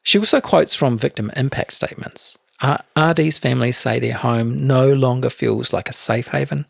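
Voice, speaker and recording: A man with a New Zealand accent co-hosting a true crime podcast, recounting events in a measured, matter-of-fact way. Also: mid-range voice, gravelly, dry recording, studio quality. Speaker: podcast co-host.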